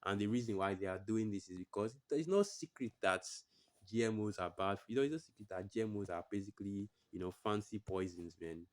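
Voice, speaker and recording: A man's voice: on the low side, brisk. A man giving blunt, profane religious commentary that he breaks up with scripture readings, repeating his phrases for emphasis.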